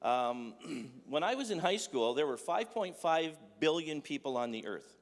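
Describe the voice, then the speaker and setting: A man's voice: fairly high pitch, very animated, a little slow. A man giving a humorous sermon in a conversational, joking way, full of rhetorical questions. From Dutch heritage. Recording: echoey hall with long reverb.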